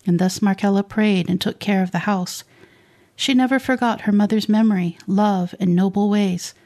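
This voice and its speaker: Woman narrator, warm and mellow, steady storybook reading of a saint's life. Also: medium pitch, normal speed. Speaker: reader of saints' lives for children.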